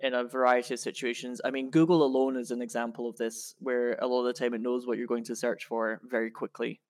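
A woman's voice: rumbling low, little pitch movement, fast, darkish tone. A woman with a Scottish accent, co-hosting a podcast and chatting casually about a science article, thinking aloud and laughing easily. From Scotland. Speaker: podcast co-host.

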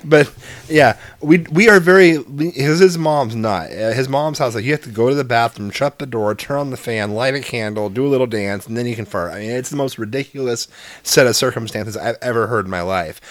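A man's voice: medium pitch, fairly quick, no room sound. A man in his thirties, a podcast co-host and parent, chatting casually and joking. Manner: jokey, laughs along. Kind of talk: casual chat.

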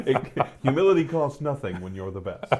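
Man, podcast co-host, wry quips, lively up-and-down voice. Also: medium pitch. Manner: wry quips and short agreements. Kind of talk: casual chat.

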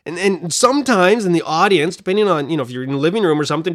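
A middle-aged man hosting a Bible study podcast, talking in an animated, chatty way that wanders off on side points. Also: fairly high pitch, racing. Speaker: podcast host and Bible teacher.

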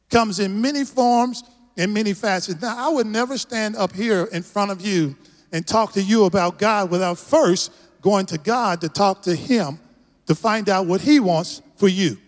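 A middle-aged man with a Texas accent, preaching a rousing sermon as a guest pastor and leading the congregation in call-and-response. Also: high voice. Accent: Texan. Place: large church hall. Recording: long church hall reverb.

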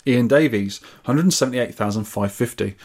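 A man's voice: medium pitch, moderate pace, darkish tone. A man from England co-hosting a podcast, reading out listener scores and comments with wry asides in casual chat. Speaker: podcast co-host.

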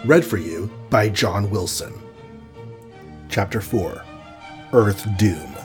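A man narrating a children's adventure audiobook in a steady, measured reading voice. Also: on the low side, faint music behind. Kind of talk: scripted storybook narration.

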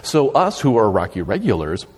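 A man telling a story as a podcast guest, animated and laughing, acting out shouted quotes. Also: on the low side, normal speed, husky, big-room sound. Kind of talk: casual storytelling.

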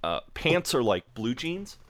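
A man's voice: medium pitch, sing-song, measured pace, a bit bright, no room sound. An American man hosting a podcast in casual chat, retelling scenes animatedly and acting out the quoted lines. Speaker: podcast host.

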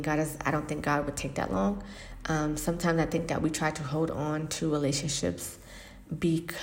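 A woman hosting a faith-based podcast, speaking earnestly and reflectively with frequent pauses and fillers. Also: deep voice, creaky, darkish tone. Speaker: podcast host. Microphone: podcast microphone.

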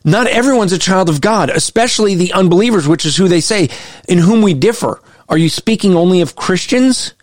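A man with a fairly high voice delivers pointed Christian commentary, pressing each argument with emphasis. He slows down deliberately to read passages aloud. The sound is dry and close, with no room around it. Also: lively intonation, no room sound. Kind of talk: critical commentary on a list of values.

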